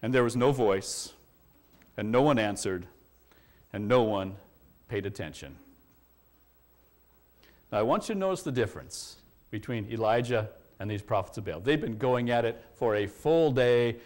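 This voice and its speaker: A man's voice: mid-range voice, moderate pace, pauses often. A man preaching a sermon, explaining a Bible passage verse by verse and acting out its quotes with energy. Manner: expository preaching, animated when quoting scripture. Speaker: pastor.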